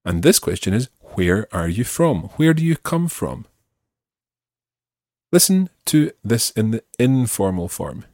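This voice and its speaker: A man with a lowish, very lively voice gives a language lesson. He explains each point clearly and says the phrases slowly and carefully. The recording is dry and close. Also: dry recording. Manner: slow, careful modelling of phrases. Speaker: French teacher.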